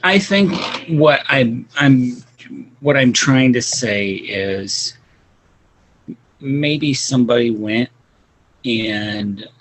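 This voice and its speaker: A man in a casual podcast chat, hesitant and halting, with many fillers. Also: medium pitch, expressive, fairly bright tone, poor audio.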